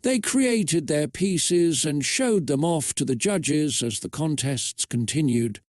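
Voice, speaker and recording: A man reading a fan-fiction story aloud for comedy, narrating in a steady, matter-of-fact way. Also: on the high side, slow pace, no echo, clean studio sound.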